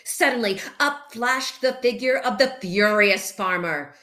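Expressive woman storybook reader, bright, slow, lively pitch. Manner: expressive, playful. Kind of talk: children's picture book read-aloud.

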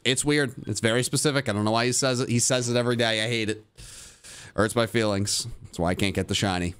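A man streaming a video game live, muttering to himself and joking with chat, sometimes breaking into high-pitched yelling. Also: steady tone, quick pace, clean tone. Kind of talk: live gameplay commentary.

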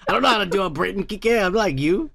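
High, gravelly-voiced podcast host. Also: male voice, expressive, fast talker, pushed and bright, no room sound. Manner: profane, rambling, laughs often. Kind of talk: crude casual chat.

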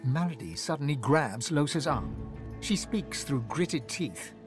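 A man narrating a video game in measured, descriptive storytelling, with game music behind him. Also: medium pitch, expressive. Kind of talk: scripted narration.

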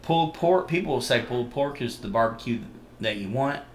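A man's voice: mid-range voice, lively intonation, fairly quick. Texan man, reaction host, emphatic and homey, echoey room. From Texas. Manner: proud, folksy, emphatic. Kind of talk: casual reaction commentary. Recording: roomy echo, faint noise.

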